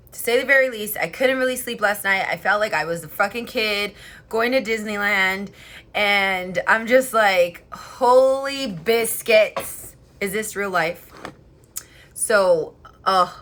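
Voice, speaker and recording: A young woman vlogger chatting casually and excitedly, swearing freely as she tells a story. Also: mid-range voice. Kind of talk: casual chat. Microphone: headphone mic.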